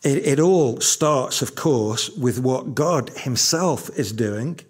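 A man's voice: medium pitch, animated, takes it slowly, breathy edge. A man in his fifties preaching a sermon as pastor, emphatic and repeating key lines for weight.

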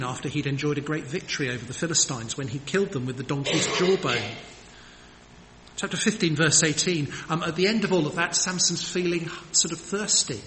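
A man preaches a sermon earnestly and emphatically, posing rhetorical questions. His voice is on the high side with a sharp tone. The recording has long hall reverb and faint background noise.

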